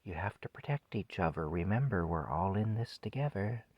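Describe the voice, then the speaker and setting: A soft, slow, soothing woman's voice from a store loudspeaker, put on by a man in his fifties with a low voice. She coaxes quietly and at times drops to a whisper. The sound is close and dry. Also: animated, slightly rough, no echo, muffled recording. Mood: hushed soothing. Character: soothing female store PA announcer.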